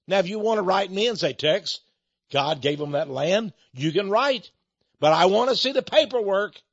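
A man's voice: very high voice, dry recording. A man leading a ministry, preaching in a folksy, rambling conversational monologue that speaks to listeners as folks. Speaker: ministry leader. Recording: dull lo-fi sound.

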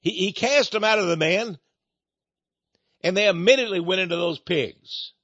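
A man's voice: high-pitched, moderate pace, fairly bright tone, no echo. A man preaching a storytelling sermon about his ministry, repeating and restarting words as he talks, in a dull lo-fi recording.

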